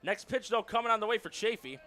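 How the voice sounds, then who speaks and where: A man calling baseball play-by-play on radio, lively and rising on the big strikeouts. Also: sits high, fast. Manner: lively calls that rise on strikeouts. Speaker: play-by-play announcer.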